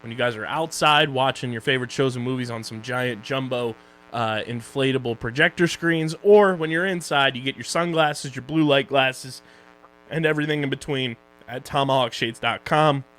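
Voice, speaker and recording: A man with a Philadelphia accent co-hosting a casual podcast, joking and running quickly through plugs and sponsor reads. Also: mid-range voice, fairly bright tone, poor audio. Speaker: podcast co-host.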